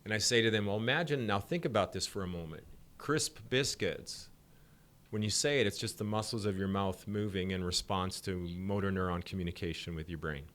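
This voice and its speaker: A man's voice: low voice, quick pace, few pauses, fairly bright tone. A middle-aged man, a sport psychology guest on a podcast, explaining ideas at length and acting out examples with a laugh. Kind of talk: podcast interview.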